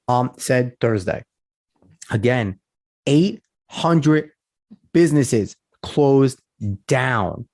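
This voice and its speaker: A man's voice: on the high side, a little mellow. A man hosting a podcast, reading a news article aloud and breaking off into blunt, profane, sarcastic commentary. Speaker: podcast host.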